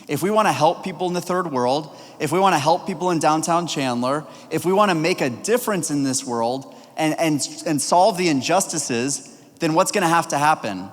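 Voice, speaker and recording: A young man giving a storytelling youth sermon, energetic and leading the room in call-and-response. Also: on the high side, normal speed. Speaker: youth pastor. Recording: long reverberant hall.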